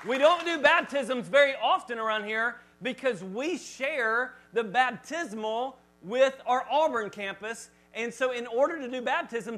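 Pastor, male, very high voice; chatty, joking sermon delivered live in church. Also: poor audio. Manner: lively, chatty, joking with the congregation. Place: church service before a congregation.

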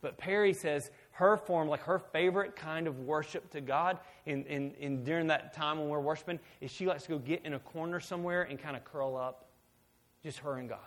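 A man preaching a sermon as pastor, swinging from hushed, intimate talk to loud, emphatic shouting. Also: a little high, normal speed.

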